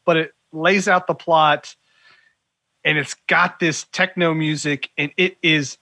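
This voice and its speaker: A man's voice: a little high, fairly even intonation, slow, bright, forceful tone, no echo. A man co-hosting a podcast, talking animatedly about a movie trailer with lots of "like" and acted-out quotes. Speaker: podcast co-host. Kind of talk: casual movie chat.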